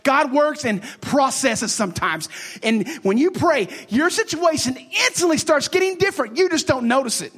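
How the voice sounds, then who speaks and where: A man preaching a sermon as pastor, emphatic and repetitive, swinging between loud declarations and hushed, whispered lines. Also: extremely high pitch, lively intonation, moderate pace.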